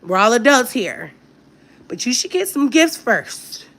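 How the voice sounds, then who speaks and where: A woman's voice: a little high, very animated, a little slow, a bit bright. A woman hosting a casual livestream chat, talking candidly and directly to her viewers. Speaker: livestream host.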